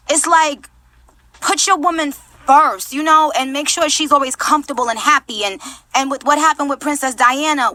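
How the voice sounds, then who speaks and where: Loud, brash New woman host. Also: high-pitched. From Queens, New York. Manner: loud, brash and profane, animated. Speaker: radio show host. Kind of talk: casual radio show chat. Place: radio studio.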